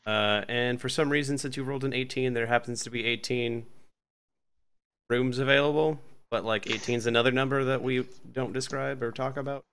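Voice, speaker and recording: A man's voice: medium pitch, steady tone, normal speed, a bit bright, smooth. A man narrating a tabletop game as game master, hesitant and full of fillers.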